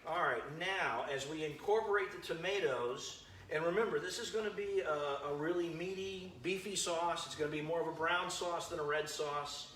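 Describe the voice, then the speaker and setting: A man's voice: on the high side, moderate pace, few pauses, fairly bright tone, reverberant. A man hosting a live-streamed home cooking demo, chatting with viewers by name as he cooks in his kitchen. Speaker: home cooking show host.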